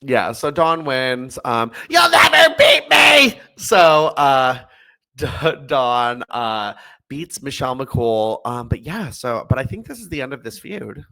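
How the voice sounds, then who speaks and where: A man's voice: mid-range voice, expressive, unhurried, a bit bright. A man co-hosting a podcast in casual chat, laughing often and filling gaps with ums. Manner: chatty, laughs often, many fillers. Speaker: podcast co-host.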